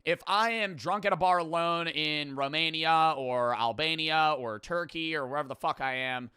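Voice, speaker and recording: A man's voice: on the high side, normal speed, sharp tone, clear, resonant tone, no room sound, clean studio sound. A young man streaming, reacting with brash, profane, jokey commentary. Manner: brash, swears freely, jokey.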